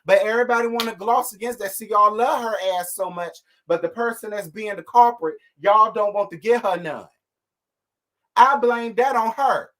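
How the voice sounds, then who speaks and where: A man's voice: sits high, a little fast, few pauses, fairly bright tone. A man, host of a casual live stream, ranting at his audience. He talks with sassy, blunt fire and swears freely. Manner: sassy, fired-up, blunt with cursing.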